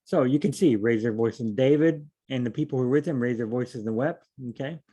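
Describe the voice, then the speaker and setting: A man leading a casual Bible study, reading verses aloud and explaining them in a chatty, animated way. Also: mid-range voice, fairly quick, breathy edge.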